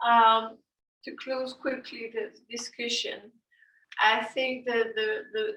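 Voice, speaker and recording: Woman, tired voice, halting moderator's wrap-up, bright tone, echoey room. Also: on the high side, level tone. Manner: slow, halting, many fillers and restarts. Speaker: event moderator. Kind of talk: closing remarks at an online panel. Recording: echoey room, far from mic.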